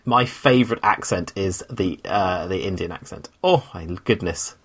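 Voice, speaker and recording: A man's voice: low-pitched, moderate pace, fairly bright tone, slightly rough. A man co-hosting a podcast, rambling with lots of hesitations and easy laughs in casual chat. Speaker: podcast co-host.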